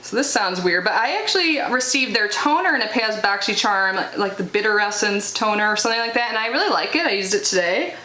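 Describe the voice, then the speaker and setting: A woman's voice: medium pitch, lively intonation, fairly quick, few pauses, bright, forceful tone. A young woman in casual unboxing chat, chatty and full of filler words as she reads out product blurbs. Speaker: unboxing vlogger. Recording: echoey room with faint noise.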